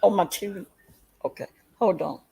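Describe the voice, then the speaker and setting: A woman's voice: mid-range voice, moderate pace, creaky, warm tone, slightly rough, low-quality recording. A woman hosting a casual livestream chat, rambling through a story and talking straight to her viewers. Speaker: livestream host.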